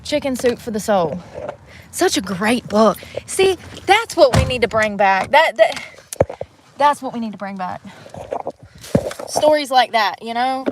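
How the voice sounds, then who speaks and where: A woman's voice: on the high side, animated, normal speed, pauses often, background noise. Woman with a drawl, chatty and rambling on a phone livestream, faint ambience behind her. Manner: rambling, chatty, talks to viewers while out on errands. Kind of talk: casual live-stream chat.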